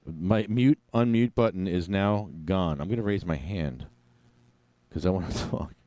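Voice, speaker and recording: Man, low and mellow, casual home live-streamer, rambling, jokey, dry close sound. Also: a little slow, no room sound. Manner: rambling, joking, talks to himself. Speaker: meeting attendee on live stream.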